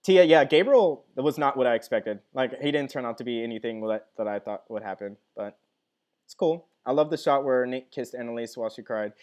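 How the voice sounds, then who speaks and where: A man's voice: mid-range voice, a little fast, darkish tone. A young man hosting a casual live stream from home, speaking in an ordinary mid-range voice. He chats with enthusiasm and answers viewer comments as he reads them out. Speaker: live-stream host reacting to a TV finale.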